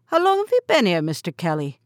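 An older wife , voiced by a woman, gushes her thanks with high, slow exclamations. Her delivery is drawn-out and effusive. The reading is close and dry. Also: huge pitch swings, no room sound. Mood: gushing. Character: older flustered country wife, gushing.

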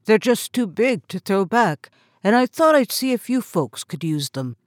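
A woman's voice: mid-range voice, sing-song, normal speed, dry recording, close to an everyday voice. A courteous young stranger , read by a woman, offers his catch in an easygoing tone. He sounds close to the reader's own voice. The recording is dry and near. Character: polite young male fisherman, smooth stranger.

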